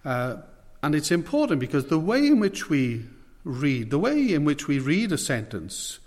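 A man preaching a sermon with a measured, emphatic delivery, pausing often and using fillers. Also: fairly high pitch, very animated, a little mellow. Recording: long reverb of a hall.

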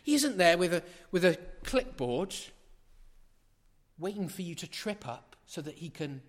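A middle-aged man preaching in a church, his fairly high voice carrying with a long hall reverb. He is emphatic and drives his points home by repeating phrases. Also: sing-song, a little slow. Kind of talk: sermon.

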